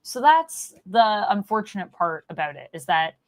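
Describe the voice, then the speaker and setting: Woman host, mid-range voice, relaxed rambling chat delivery. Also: mid-range voice, moderate pace. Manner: chatty, with many fillers and trailing thoughts. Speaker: podcast host. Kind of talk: casual chat.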